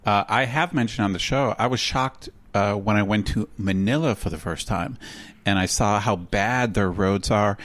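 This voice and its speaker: Wry American man, lowish voice. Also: normal speed, a bit bright. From United States. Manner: dry humor, upbeat promo delivery. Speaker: podcast co-host. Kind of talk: casual chat.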